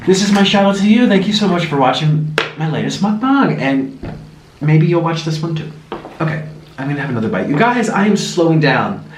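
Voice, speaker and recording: Young man, lively sing-song talk, eating while chatting, roomy echo, mic a bit far. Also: fairly high pitch, a little fast, background noise. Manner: chatty, animated storytelling with food in mouth. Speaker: mukbang vlogger. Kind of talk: casual chat while eating. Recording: echoey room, mic somewhat far.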